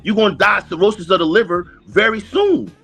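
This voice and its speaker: Husky middle-aged man trash-talking. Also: sits high, expressive, fairly quick, soft background music. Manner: loud, repetitive insults, hammering the same phrase. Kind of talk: heated trash-talk argument on a live stream.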